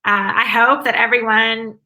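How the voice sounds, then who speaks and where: A woman's voice: on the high side, little pitch movement, a little slow, pushed and bright, low-quality recording. A woman with a Southern US accent, a guest answering interview questions in an upbeat, enthusiastic way with long run-on answers. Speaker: guest, former academic advisor. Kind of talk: conversational interview.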